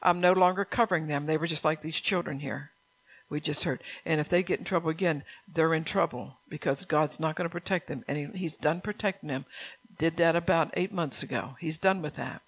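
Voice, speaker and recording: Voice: medium pitch, a little fast, creaky, breathy edge. A pastor preaching a stern, urgent sermon, repeating phrases and firing rhetorical questions at the congregation.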